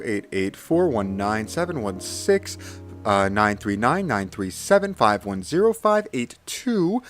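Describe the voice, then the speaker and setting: A man's voice: on the low side, fairly bright tone. A young man live streaming a memory challenge, reciting strings of digits in bursts and correcting himself with flustered apologies.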